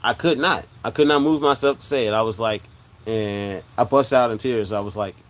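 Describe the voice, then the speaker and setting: A man's voice: on the low side, normal speed, a little hiss or hum, low-quality recording. A man hosting a live stream, telling a personal story earnestly and repeating his points for emphasis. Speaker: livestream host sharing a religious testimony. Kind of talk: live-stream casual talk.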